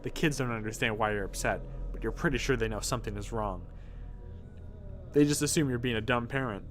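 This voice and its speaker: A man streaming himself reading an AI text game aloud, mostly deadpan but breaking into laughter. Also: mid-range voice, fairly quick, slight background noise.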